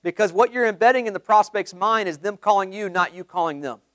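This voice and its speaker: A man giving a live sales training talk to a group, energetic, quizzing the room with questions and acting out sample calls. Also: high-pitched, brisk, no room sound. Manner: acts out sample phone calls.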